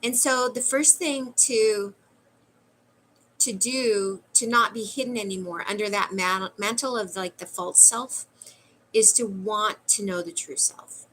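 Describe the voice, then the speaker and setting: Bright, musing woman giving a spiritual reading. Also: mid-range voice, a little slow, slight background noise, poor audio. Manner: musing, frequent "like" fillers. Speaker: spiritual reader. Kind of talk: channeled spiritual talk.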